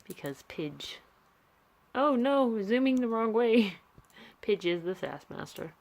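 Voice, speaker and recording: A woman's voice: fairly high pitch, lively intonation, slow pace. A young woman chatting casually and rambling with many fillers and restarts, filming on a handheld camera. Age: young adult. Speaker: art vlogger. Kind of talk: casual chat.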